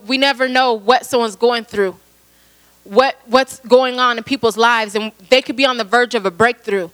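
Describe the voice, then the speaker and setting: A woman's voice: on the high side, a bit bright, poor audio. Earnest woman preaching a sermon. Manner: earnest, repeats phrases, many fillers.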